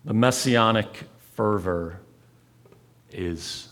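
A man preaching a sermon, telling the story with dramatic swings between raised intensity and near-whispered pauses. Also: medium pitch. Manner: dramatic, swings from loud to hushed. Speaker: pastor.

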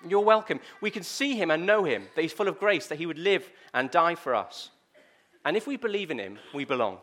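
A man's voice: a little high, fairly quick. A male preacher, giving a sermon in a conversational storytelling manner. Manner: conversational storytelling, lively and direct.

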